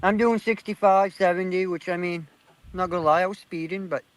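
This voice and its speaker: A man's voice: sits high, steady tone, brisk, dry recording, rough recording. A man telling a heated, profanity-filled story on a casual online panel call.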